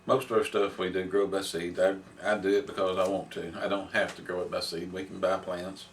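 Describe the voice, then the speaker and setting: Low, flat-voiced older man. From Middle Tennessee. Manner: plainspoken, unhurried explaining. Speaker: homesteader. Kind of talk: casual chat. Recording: distant mic with faint background noise.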